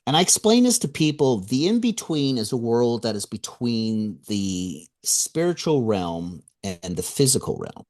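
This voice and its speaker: A man, an author and guest on a radio interview, telling a story in an animated way, acting out the voices he quotes and chuckling between remarks. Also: mid-range voice, a little slow, hardly any pauses.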